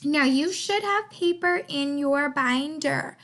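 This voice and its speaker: A woman teaching a writing lesson to young children, in an animated, sing-song teacher voice with lots of emphasis. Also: high voice, slow.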